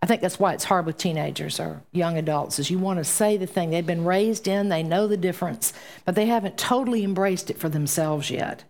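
A woman's voice: lowish voice, a little fast, a little mellow. A middle-aged woman teaching a Bible class in a conversational, emphatic way. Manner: conversational, emphatic, rising sharply on key words.

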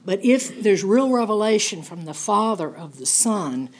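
An older woman teaching a Bible study, telling stories in a folksy, animated way and acting out the people she quotes. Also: mid-range voice, unhurried.

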